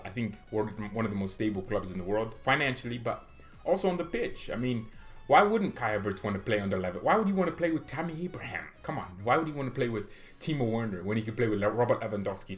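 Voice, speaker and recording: Animated, argumentative male fan vlogger. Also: fairly low pitch, quick pace, soft background music. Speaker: football fan channel host. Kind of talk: casual opinion vlog.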